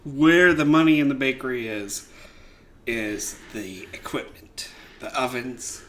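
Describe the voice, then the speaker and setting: Bright-voiced joking podcast guy. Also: medium pitch, measured pace. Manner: playful, boastful, jokey. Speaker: podcast co-host. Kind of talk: casual comedic chat.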